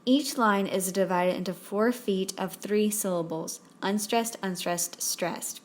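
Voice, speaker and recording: Brief: young female tutorial host, measured scripted delivery, clear and even. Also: mid-range voice. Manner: clear, measured, reads out terms and examples one by one. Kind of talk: scripted explainer narration.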